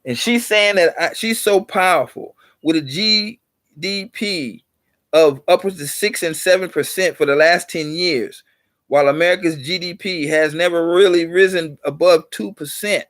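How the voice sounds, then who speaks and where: A man with a high voice, preaching to the camera in a repetitive, insistent way. He spins little stories to make his point. The sound is dry and close, with no room echo. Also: moderate pace, a bit bright. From United States. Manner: preachy, repeats points for emphasis; tells allegorical stories. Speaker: channel host. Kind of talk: motivational vlog talk.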